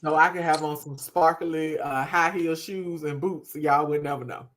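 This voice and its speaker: A woman co-hosting a casual podcast, telling stories in a lively, expressive way. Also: low-pitched, moderate pace. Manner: lively storyteller, expressive swings. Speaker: podcast co-host. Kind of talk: casual chat.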